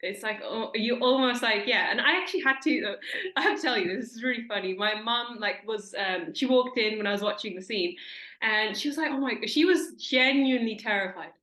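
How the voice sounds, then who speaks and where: Enthusiastic woman host, higher voice, lots of likes and restarts, roomy echo. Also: fairly quick, pushed and bright. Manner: chatty, enthusiastic, many fillers and restarts. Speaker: interviewer host. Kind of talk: casual interview.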